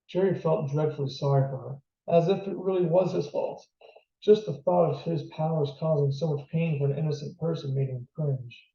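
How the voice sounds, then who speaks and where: Author reading his novel aloud, plain steady delivery, gravelly, slightly high voice, distant roomy sound. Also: muffled recording.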